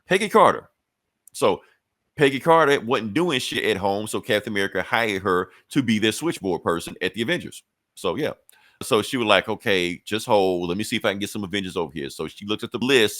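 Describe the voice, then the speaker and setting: Man, low-pitched, casual profane comic-recap host, dry close sound. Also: fairly bright tone, no echo. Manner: loose, profane storytelling with quick acted-out quotes. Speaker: comic book podcast host.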